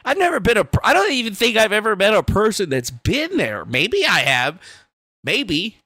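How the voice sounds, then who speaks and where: A man's voice: high-pitched, very animated, moderate pace, bright, forceful tone, no echo. A young man hosting a livestream, ranting in a casual, profane and rambling way from a small room. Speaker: livestream host. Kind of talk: casual political rant.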